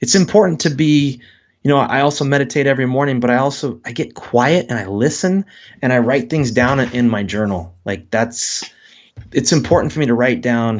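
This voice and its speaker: A man's voice: mid-range voice, brisk, highs cut off. A man, a guest author, speaking in a casual interview and acting out quoted voices as he talks. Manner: animated, acts out quoted voices.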